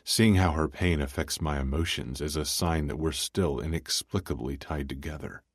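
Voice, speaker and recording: A man narrating a first-person audiobook in an extremely deep voice. His reading is measured and brooding. The sound is close and dry. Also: fairly even intonation, no echo.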